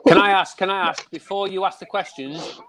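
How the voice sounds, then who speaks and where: A man's voice: sits high, fairly even intonation, fairly quick, a crowd in the background. A man from England, chatting casually, repeating himself and teasing. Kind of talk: casual chat.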